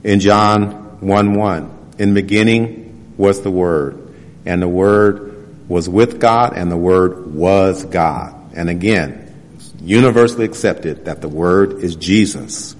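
Guy preaching, reads verses slow then fires off questions, lots of hall echo. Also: deep voice. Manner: reads scripture slowly, then presses points with rhetorical questions. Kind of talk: sermon. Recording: long hall reverb.

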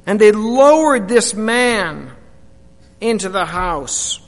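Brief: a high-pitched male preacher in dramatic monologue, slow and animated, reverberant hall. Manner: animated storytelling, hushed to shouting. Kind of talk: first-person dramatic monologue.

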